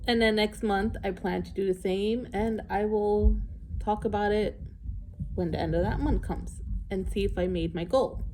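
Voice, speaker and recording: A woman's voice: medium pitch, fairly even intonation, normal speed, dark tone, slight background noise. A middle-aged woman recording a casual, rambling vlog, candid and a little emotional, with sighs and laughs along the way. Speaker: vlogger. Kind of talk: casual chat.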